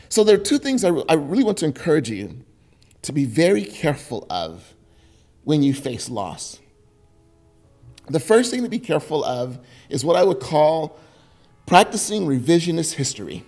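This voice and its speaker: A man preaching a sermon as pastor, emphatic and building in force as he recounts scripture. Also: a little high. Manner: emphatic, rising loud when voicing the people's complaints.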